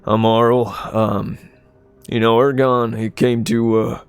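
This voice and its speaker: Laid-back male tavern regular, halting speech, voiced by the game master. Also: medium pitch, little pitch movement, smooth, dry recording, faint music behind. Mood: casual. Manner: casual, halting.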